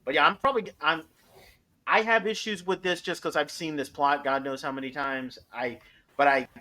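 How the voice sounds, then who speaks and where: Animated man hosting a casual review chat. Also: fairly high pitch, moderate pace. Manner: animated, rambling with restarts. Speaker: podcast host.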